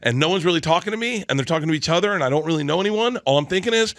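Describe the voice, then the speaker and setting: A man's voice: on the high side, lively intonation, rapid-fire, dry recording, studio quality. A man telling a long comic story on a podcast, acting out the voices and laughing through it. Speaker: storytelling guest.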